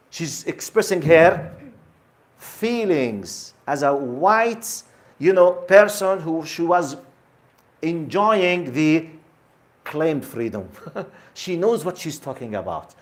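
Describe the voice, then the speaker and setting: Emphatic male lecturer. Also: a little high. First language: Arabic. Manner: emphatic, repetitive, asks the audience questions. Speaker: Islamic lecturer. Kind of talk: religious lecture to an audience.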